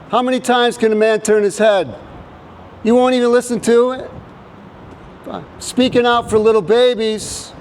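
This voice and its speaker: A man preaching in the open air to passers-by in a loud, insistent, declaiming way. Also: sits high, a little hiss or hum, rough recording. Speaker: street activist. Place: outdoors by a government building.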